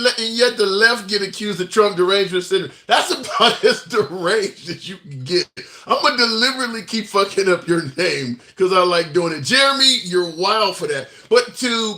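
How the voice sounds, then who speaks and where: A man's voice: high voice, bright, forceful tone. A man hosting a call-in show, arguing politics in casual, profane chat and laughing often. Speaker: talk show host.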